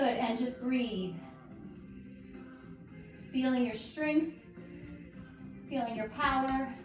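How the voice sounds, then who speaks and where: A woman guiding a yoga class at home, calm and encouraging as she talks listeners through each pose. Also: high-pitched. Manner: calm, encouraging, gently instructive. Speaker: yoga instructor. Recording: echoey room with faint music.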